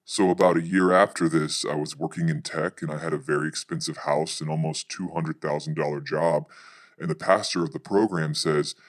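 Deep-voiced man telling a story. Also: fairly even intonation. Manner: fast narrative storytelling. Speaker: pastor.

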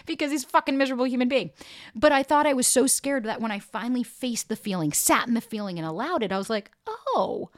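A young woman who hosts a podcast and works as a dating coach tells a breakup story with candid, casual bluntness. She swears freely, stays animated, and acts out what people said, quoting them in raised voices. Her voice is a little high and she talks fast, in studio-quality audio with no room sound.

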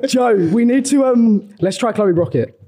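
A man's voice: extremely high pitch, normal speed, mellow. A man co-hosting a casual podcast, chatting and making prank calls with a lot of laughing. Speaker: podcast co-host.

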